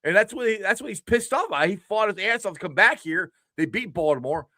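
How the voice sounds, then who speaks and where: A man hosting a casual sports talk show, animated, repeating words as he talks over a remote call. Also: sits high, a little fast, dry recording, clean studio sound. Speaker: podcast host.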